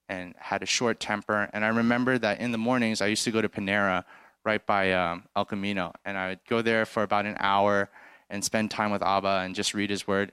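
A man's voice: lowish voice, a bit bright, smooth, no room sound. Earnest man telling a faith testimony. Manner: earnest, conversational storytelling with frequent restarts. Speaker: testimony speaker.

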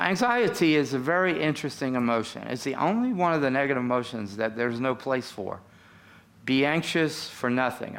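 A man's voice: medium pitch, a bit bright. A man, a pastor, preaching a sermon in a conversational way and putting questions to his congregation.

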